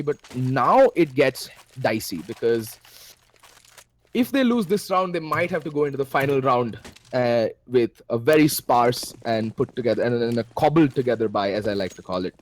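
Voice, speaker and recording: A man with an Indian English accent casting a shooter match live, excitable, his pitch leaping at big plays. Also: fairly quick. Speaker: esports caster. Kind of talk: play-by-play commentary.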